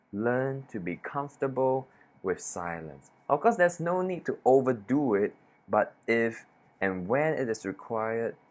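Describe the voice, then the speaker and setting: A man delivers a self-improvement lesson straight to camera, taking his time over every phrase. His voice sits at a mid pitch for a man, and he lets each sentence drop firmly at the end before a pointed pause. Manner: slow, deliberate, with pointed pauses and falling endings. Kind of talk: instructional talk to camera.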